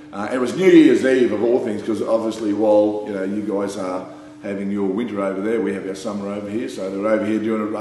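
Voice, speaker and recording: Rambling through a casual tale, an Australian man leans on fillers like "you know" and "mate" and keeps breaking into laughs. His fairly low voice has a darkish tone. It's captured in a very echoey room with a faint hum.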